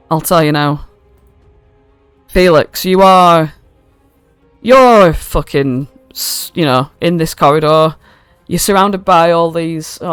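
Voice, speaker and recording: A woman narrates a tabletop game as game master in a loose, chatty way, swearing and stopping for fillers. Her voice is smooth and clear. The mic is close and dry. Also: on the low side, no room sound. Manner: casual and swearing, with many fillers. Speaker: dungeon master.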